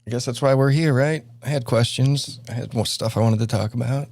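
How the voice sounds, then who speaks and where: A man's voice: mid-range voice, brisk, vocal fry, darkish tone, no room sound, studio quality. A man hosting a stream in casual commentary, rambling with lots of fillers and restarts. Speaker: stream host.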